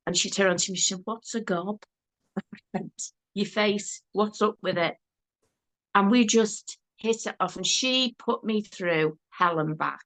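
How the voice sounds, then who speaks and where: Older woman, Liverpool accent, chatty storyteller, casual conversation, mid pitch. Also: measured pace, a bit bright. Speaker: guest. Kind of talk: casual chat.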